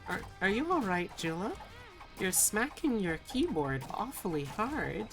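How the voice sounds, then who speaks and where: A woman's voice: medium pitch, big pitch swings, measured pace, over music. A woman streaming live, chatting with viewers in a playful, teasing, sultry way. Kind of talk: casual live-stream chat with chat readings.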